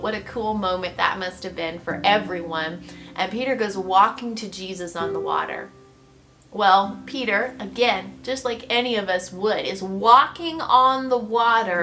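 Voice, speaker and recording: A woman hosting a devotional podcast, teaching a Bible passage in a conversational way and often checking in with her listeners. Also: medium pitch. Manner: animated storytelling, acts out the scene. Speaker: podcast host and pastor's wife.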